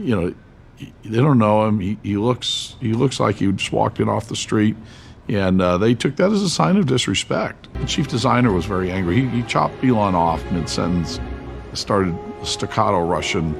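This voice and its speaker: A man in an interview clip telling an anecdote, laughing now and then as he recounts it. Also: lowish voice. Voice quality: gravelly, laughs between phrases.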